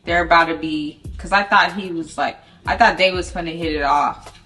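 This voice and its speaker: A woman's voice: lowish voice, moderate pace, sharp tone. A woman, telling a casual story in slang and quoting herself as she goes. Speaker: vlogger telling couple story.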